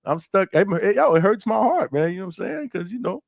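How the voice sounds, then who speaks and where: Brief: male call-in show host, slightly high voice, playful slang, lots of laughing, dry sound. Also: very animated, quick pace, gravelly, no room sound. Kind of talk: live call-in boxing show.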